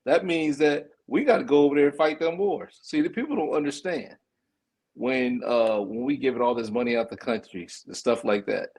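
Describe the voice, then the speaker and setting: Older man, animated and laughing. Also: medium pitch, normal speed. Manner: animated, laughing, acts out quotes. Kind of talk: casual podcast talk.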